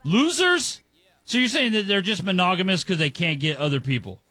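A man co-hosting a casual podcast chat, wry and quick to tease. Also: high-pitched, lively intonation, pushed and bright, no room sound, faint music behind. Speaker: podcast co-host.

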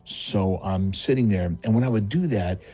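A man's voice: lowish voice, moderate pace, dark tone. A middle-aged man tells a rambling, self-mocking story full of fillers, as a caller to a radio show. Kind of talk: casual phoned-in anecdote.

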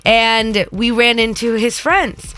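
Bright-voiced animated woman radio co-host. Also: fairly high pitch, slow pace, soft background music. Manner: animated storytelling, laughing, mimics sobbing. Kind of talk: morning radio chat.

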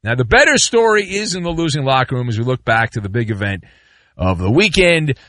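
A man's voice: medium pitch, fairly quick, no echo, clean studio sound. A middle-aged man hosting sports talk radio, ranting and joking with mock outrage and rambling asides. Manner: animated, rambling, sarcastic rants with mock outrage.

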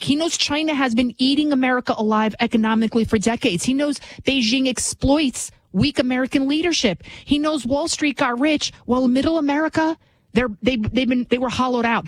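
A woman's voice: fairly high pitch, no room sound, poor audio. Emphatic woman delivering a dry political monologue. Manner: emphatic, repetitive, rhetorical tag questions. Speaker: political commentator.

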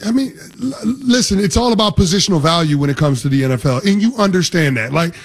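A man's voice: high voice, animated, fast talker. A man co-hosting a sports talk radio show, explaining football with confidence and casual slang. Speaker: sports analyst co-host.

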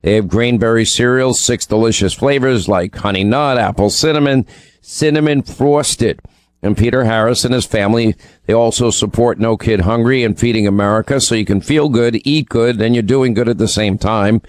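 A New York man co-hosts a talk radio show from the studio, rambling casually through ad reads and news with lots of ums and restarts. His voice is mid-range at a normal speed, with no room sound.

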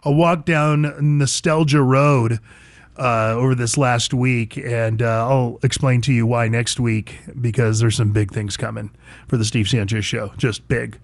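A man hosting talk radio, blunt and opinionated, chatting easily between hard takes. His voice is mid-pitched and sits close to a studio mic with a dry, dead sound. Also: steady tone, measured pace, no room sound. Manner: blunt, conversational, reminiscing with his producer. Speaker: radio show host.

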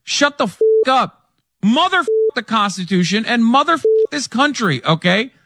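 A man's voice: very high voice, very animated, normal speed, bright, forceful tone, no echo, clean studio sound. A man in a played clip, ranting angrily with heavy profanity and contempt. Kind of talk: played audio clip, angry rant.

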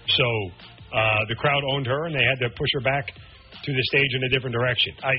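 A man's voice: mid-range voice, dull audio. A man co-hosting a radio show, joking and musing in casual banter. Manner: joking, chatty, drawn-out musings. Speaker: radio co-host.

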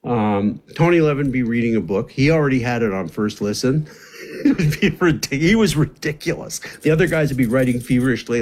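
Animated man telling studio stories. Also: medium pitch, a little fast. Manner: animated anecdotes, acts out quotes. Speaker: music producer guest. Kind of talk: storytelling interview.

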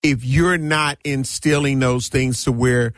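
A man's voice: medium pitch, fairly even intonation, slow pace, a bit bright, no echo. A man hosting a talk radio call-in show, speaking emphatically.

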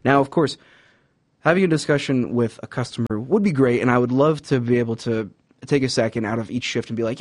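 A man's voice: mid-range voice, fairly quick, no echo. A young man giving casual advice about customer service jobs, rambling with many fillers and acting out quoted customers and bosses. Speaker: podcast host giving job advice. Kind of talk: casual monologue.

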